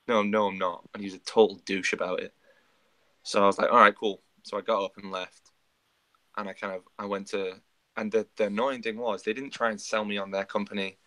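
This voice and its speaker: A man's voice: fairly low pitch, flat delivery, a little fast, a bit bright. A man co-hosting a podcast, telling a story in casual chat and acting out the quoted dialogue. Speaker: podcast co-host.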